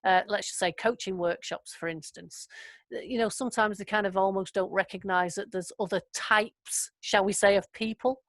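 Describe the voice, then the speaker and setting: A woman's voice: mid-range voice, fairly even intonation, normal speed, dry recording. A woman leading an online training session over a video call, chatty and affirming. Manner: chatty, affirming, laughs often. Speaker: workshop facilitator.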